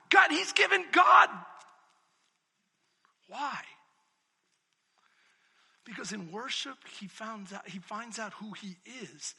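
A man preaching in a very high, piercing voice that carries a gravelly, husky grain. He swings between loud, emphatic declarations and quiet, close reflection, and a long hall reverb trails after every phrase. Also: animated, slow pace, long pauses. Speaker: pastor. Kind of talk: sermon.

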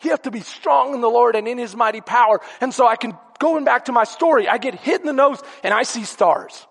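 A man with a Texan accent preaching a sermon, telling a story with emphatic storytelling and questions to the congregation, swinging from shouts to hushed lines. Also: very high-pitched, fairly quick, vocal fry, husky. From Texas. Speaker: pastor. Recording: long church reverb.

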